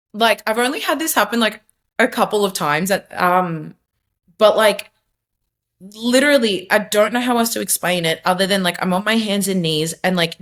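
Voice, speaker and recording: A young adult woman with a medium-pitched, slightly bright voice appears as a podcast guest. In casual conversation she gives an earnest, emphatic personal testimony, full of fillers and restarts.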